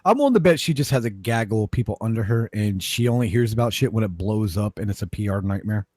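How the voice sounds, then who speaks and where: A man's voice: on the low side, expressive, quick pace, a little mellow, no echo, clean studio sound. A man co-hosting a podcast, talking in a blunt, emphatic, profane way. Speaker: podcast co-host. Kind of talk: casual opinion chat.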